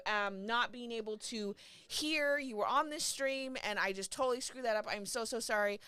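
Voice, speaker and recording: A woman with a bright, ringing voice hosts a live-stream commentary. She talks effusively and keeps repeating herself. The sound is dry and close, with no room around it. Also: on the high side, moderate pace, clear, resonant tone, no echo. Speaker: livestream host.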